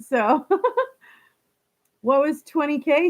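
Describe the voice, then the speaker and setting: Woman, live chat host, fairly high voice, unhurried, laughs a lot. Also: big pitch swings. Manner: chatty, laughs often, talks straight to viewers. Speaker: livestream host reading viewer comments.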